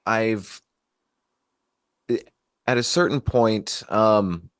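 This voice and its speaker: A man hosting a podcast interview, asking long halting questions full of ums. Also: on the low side, no echo. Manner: halting, many fillers, admiring questions. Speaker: podcast host. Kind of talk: casual interview.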